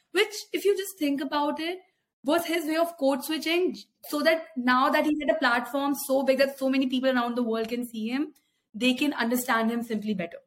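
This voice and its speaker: High-voiced woman, hesitant chat. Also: fairly even intonation, a little fast, a little hiss or hum. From India. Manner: thoughtful, hesitant with many uhs. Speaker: podcast co-host. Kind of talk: casual chat.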